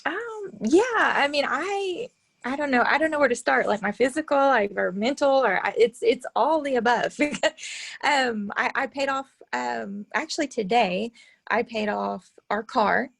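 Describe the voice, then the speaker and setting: A woman's voice: a little high, moderate pace, gravelly, dry recording, studio quality. A woman, talking as a team coach in casual motivational chat, rambling with many fillers and restarts.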